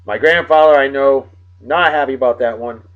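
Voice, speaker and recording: A man with a mid-range voice talks at a normal speed, hosting a casual video blog. He rambles along with playful, exclamatory asides, and the home recording sounds dull and lo-fi.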